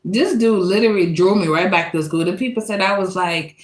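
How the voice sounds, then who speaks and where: A woman from Louisiana, telling a personal story in a casual, animated and profane way, laughing often. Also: medium pitch, brisk. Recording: echoey room.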